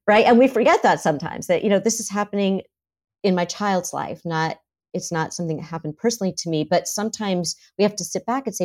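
Therapist lady chatting as a guest, lowish voice, acts out what parents say. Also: normal speed. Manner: animated, acts out parents' lines in quotes. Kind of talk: conversational interview.

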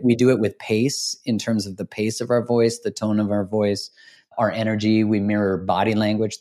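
A man hosting a podcast, reflective and earnest, often slowing into deliberate phrases. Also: on the low side, mellow. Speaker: podcast host. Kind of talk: podcast conversation.

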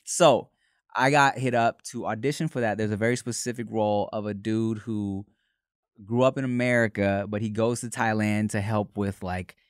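A man co-hosting a podcast, animated and laughing, telling a story in casual chat full of fillers. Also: lowish voice, normal speed, clear, resonant tone, no room sound, clean studio sound. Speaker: podcast co-host, actor.

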